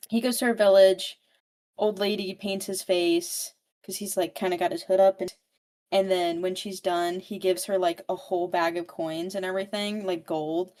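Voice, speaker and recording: A woman's voice: on the low side, steady tone, normal speed, a little mellow. A woman giving a casual, chatty book recap, swearing freely and saying "like" constantly. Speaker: book podcast host or guest.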